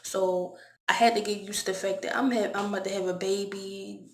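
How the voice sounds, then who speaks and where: In a mid-range, steady voice at a fairly quick pace, a young woman from Baltimore tells a candid storytime vlog, often repeating her words. There's a little hiss or hum, and the room sounds echoey.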